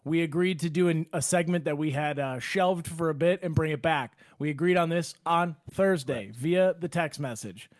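Guy podcast host going off on his buddy, kinda high voice, dead dry mic. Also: no echo. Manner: fast, heated ranting with laughs. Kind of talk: casual podcast banter.

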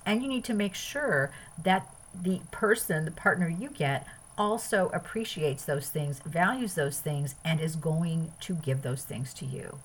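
A woman's voice: sits low, a little slow, husky, rough recording. A woman hosting a podcast, giving an earnest spiritual self-help talk that runs through long lists of phrases. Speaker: podcast host.

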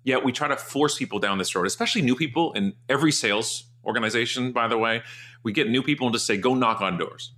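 A man guest in an interview, telling stories in an animated, emphatic way and jumping up in pitch when he acts out what others said. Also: fast. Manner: energetic, emphatic, jumps up in pitch for acted quotes. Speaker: guest, marketing speaker.

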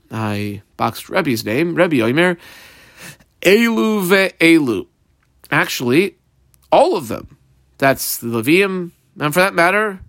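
A man's voice: a little high, fairly bright tone, dry recording, clean studio sound. A man teaching a Talmud class line by line. He reads each phrase of the Hebrew and Aramaic text, then explains it in casual English, with many fillers along the way.

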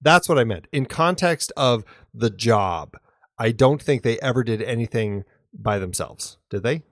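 A man in casual film talk, eager and rambling, with frequent restarts as his thoughts run ahead of him. His voice sits at an ordinary middle pitch. The sound is close and dry, with no room around it. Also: animated, a little slow, no echo. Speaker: podcast co-host.

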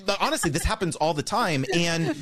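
Casual: man on a podcast walking you through it step by step, really lively intonation. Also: a little high, a little fast. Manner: animated, explains step by step, mimics others' voices. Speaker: guest, creator business educator. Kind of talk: podcast interview.

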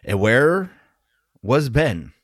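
Playful man with a lively voice. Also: mid-range voice, drawn-out words, no room sound, clean studio sound. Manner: playful, laughs a lot. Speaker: guest co-host. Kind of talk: casual chat.

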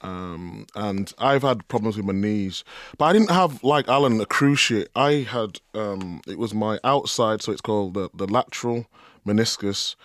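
A man who used to play football, co-hosting a podcast and talking in a halting way, often stopping to search for words. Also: fairly low pitch, a bit bright, no echo, clean studio sound. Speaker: podcast co-host, former footballer. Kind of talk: casual chat.

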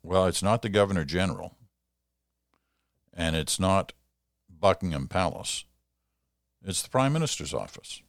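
A man's voice: deep voice, animated, a little slow, long pauses, no room sound, clean studio sound. An older man hosting a podcast, reading listener letters aloud and answering them in a conversational, explanatory way. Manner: conversational, explanatory, occasional chuckle.

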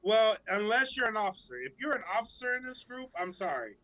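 A man, probably in his thirties, co-hosting a podcast, telling stories in casual, profane, animated chat. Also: high-pitched, brisk, rough recording. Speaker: podcast co-host.

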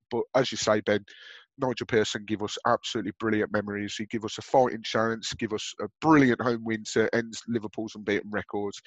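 A man's voice: on the low side, no room sound, muffled recording. A man with a Birmingham accent co-hosting a football podcast, chatting casually with frequent fillers and restarts. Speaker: podcast co-host.

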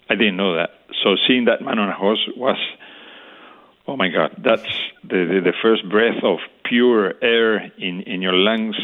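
Older man, halting, over a phone line. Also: low-pitched. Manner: halting, searching for words. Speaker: interview guest. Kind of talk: reflective storytelling.

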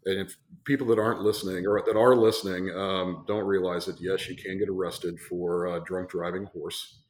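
A man with a low voice tells a story from his brewery's past as a guest on a podcast. He rambles and restarts, and his fillers and asides show that he enjoys it. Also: little pitch movement, moderate pace, a little hiss or hum. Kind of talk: casual storytelling.

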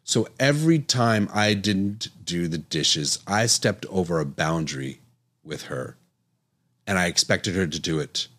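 A middle-aged man with a low, deep voice talks through medical research in a relaxed, conversational monologue. He is earnest and now and then slips into quick acted bits of dialogue. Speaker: physician podcast host. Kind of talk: casual educational monologue.

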